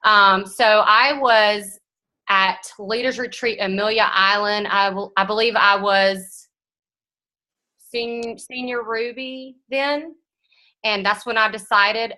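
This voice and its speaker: A woman, giving a frank, animated motivational talk to her team as guest speaker. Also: mid-range voice, slow, low-quality recording.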